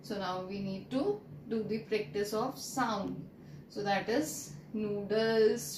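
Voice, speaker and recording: A woman with an Indian English accent, a primary school teacher giving a lesson and drilling words slowly with stressed vowels. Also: on the high side, a little mellow. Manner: slow, drawn-out word drills with stressed vowels. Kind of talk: online classroom lesson. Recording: echoey room, distant mic, faint noise.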